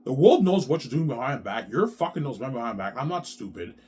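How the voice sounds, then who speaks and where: Man, 30s, vlogger. Agitated, repetitive, swears constantly, with pitch swinging wide between loud outbursts and low mutters. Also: very animated, quick pace, husky. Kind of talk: rambling monologue to camera.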